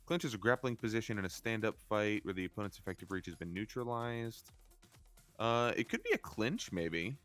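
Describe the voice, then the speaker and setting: A man's voice: lowish voice, big pitch swings, fairly quick, a bit bright, soft background music. A man playing a tabletop game, thinking aloud as he looks up rules. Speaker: player.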